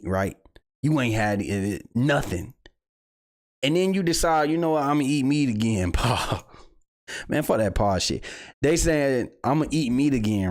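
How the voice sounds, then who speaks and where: Male livestream host, casual commentary, jokey, swings loud to low, mid-pitched voice. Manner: loose and jokey, swings between loud bursts and low mutters.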